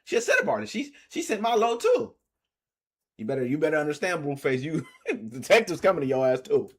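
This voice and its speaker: Animated man on a commentary stream. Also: on the high side, fairly quick, breathy edge. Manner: animated, laughing, trailing off quietly. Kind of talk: casual reaction commentary.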